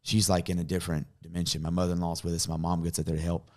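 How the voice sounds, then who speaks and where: A man, a pastor, tells a personal story in a podcast conversation, earnest and dropping to a hush in emotional moments. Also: sits low, completely flat delivery, very fast.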